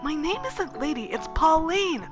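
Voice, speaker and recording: A woman's voice: very high voice, sing-song, measured pace, over music, voice pushed up, full character voice. A woman voicing a polite, flustered young foreign woman who stammers while trying to be friendly in a story game. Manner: stammering, eager to please.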